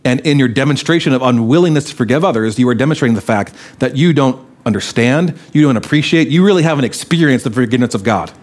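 Man preaching an animated sermon. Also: quick pace, few pauses. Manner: animated, acts out quoted voices with raised pitch. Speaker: pastor.

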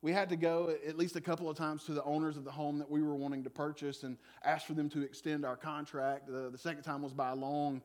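A male pastor, telling a personal story in a sermon with chatty, animated, self-deprecating humor. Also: on the high side, quick pace, hardly any pauses.

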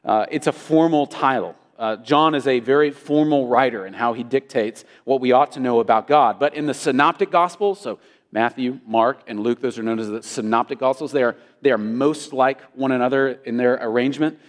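A man's voice: mid-range voice, a little fast. A male pastor preaching a sermon, earnest, often repeating words as he restarts a phrase. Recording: long reverb of a hall.

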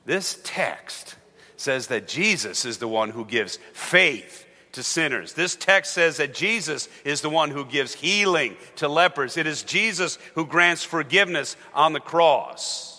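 Bright-voiced man preaching in a church. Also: on the high side, expressive, unhurried, in a large hall. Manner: dynamic, swinging from loud emphasis to hushed endings. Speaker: pastor. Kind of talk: sermon. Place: church sanctuary.

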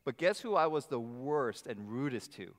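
A middle-aged man preaching a sermon as pastor, animated, with acted asides to the congregation. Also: mid-range voice, normal speed. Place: church sanctuary. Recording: long hall reverb.

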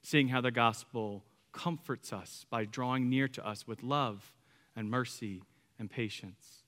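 A man in his thirties, a pastor, reading scripture and preaching a sermon in a relaxed, conversational storytelling manner. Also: mid-range voice, measured pace, in a large hall.

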